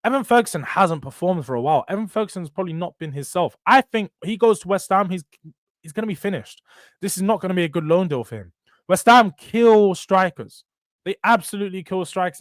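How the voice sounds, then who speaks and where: A man's voice: high-pitched, quick pace, no room sound. A young man hosting a casual football fan vlog, bantering and reacting to viewer comments. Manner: banter-heavy, animated, trash-talking rivals. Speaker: football channel host.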